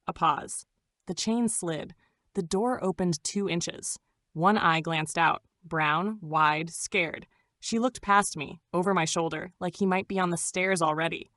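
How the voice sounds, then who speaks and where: A woman's voice: fairly low pitch, unhurried, fairly bright tone, no room sound, clean studio sound. A woman narrating a scripted first-person suspense story in a dramatic, suspenseful manner.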